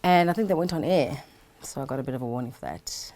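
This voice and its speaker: A woman's voice: extremely low pitch, fast, very noisy. A South African woman, a radio presenter, chatting playfully and animatedly in a casual interview, laughing often. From KwaZulu-Natal, South Africa.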